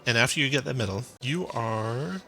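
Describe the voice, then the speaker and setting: Bright-voiced male game master. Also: mid-range voice, normal speed, creaky, slight background noise. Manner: relaxed, loose, with fillers. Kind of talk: narrating a tabletop game.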